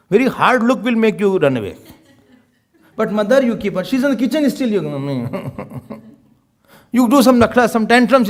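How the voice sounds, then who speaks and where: A man giving a spiritual talk as a swami, teaching in an animated way and often breaking into laughter. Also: high-pitched, moderate pace, long pauses. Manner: animated teaching, often laughing, mixing in Hindi and Sanskrit terms. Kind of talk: sermon.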